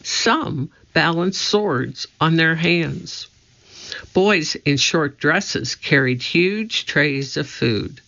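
A man reading a children's story aloud in a steady, scripted narration. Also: fairly high pitch, extremely slow, vocal fry. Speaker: audiobook narrator. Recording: slightly dull lo-fi audio.

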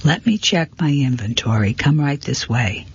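A man voicing a fussy middle-aged male antique dealer who mutters and apologizes, in a husky voice on a dull, dry recording. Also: mid-range voice, animated, normal speed.

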